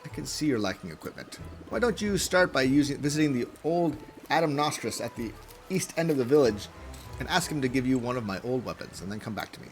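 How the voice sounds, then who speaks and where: Man voicing a pompous male champion, bossy, self-admiring, lively pitch, game character. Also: fairly quick, faint music behind. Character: pompous muscle-bound male champion mentor.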